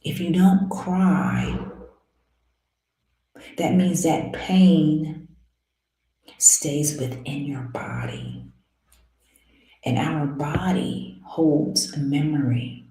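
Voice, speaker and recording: A spiritual teacher speaking earnestly to listeners, asking rhetorical questions, calling them dear ones and often dropping into soft whispers. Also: medium pitch, fairly even intonation, extremely slow, pauses often. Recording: very echoey room.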